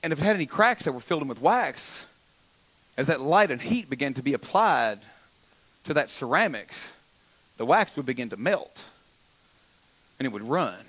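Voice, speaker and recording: A pastor preaching a sermon to his church, calling on the congregation to answer back, with frequent stammered restarts and swings up to loud exhortation. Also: mid-range voice, normal speed, long pauses. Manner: builds from calm teaching to loud, rising exhortation; frequent repeated starts and stammers. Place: church sanctuary.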